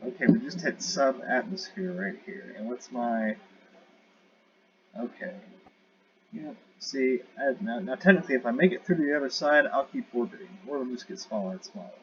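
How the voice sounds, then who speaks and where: A gamer gives casual, rambling commentary while playing a space game, correcting himself and joking as he goes. His mid-range voice is expressive at a moderate pace, and the lo-fi audio sounds dull with clear noise.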